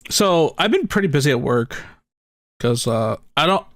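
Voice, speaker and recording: A man's voice: on the high side, big pitch swings, normal speed, a bit bright, dry recording, studio quality. A man hosting a podcast, talking in a rambling, jokey way about work and his dog. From United States. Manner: rambling, jokey, laughs often. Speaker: podcast host. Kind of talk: casual chat.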